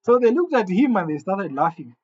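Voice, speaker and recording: A man telling a comic gossip story in an animated way, stammering over restarts and jumping suddenly into quoted voices. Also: high voice, a little fast, husky. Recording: dull lo-fi sound.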